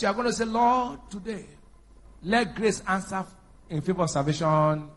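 A man preaching a sermon, calling out to the congregation and rising to loud, emphatic bursts. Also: sits high, expressive, moderate pace. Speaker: pastor.

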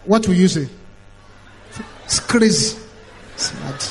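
A man's voice: high-pitched, animated, slow, a little hiss or hum, rough recording. A middle-aged man, preaching an emphatic sermon that is full of repetition and mimicked voices.

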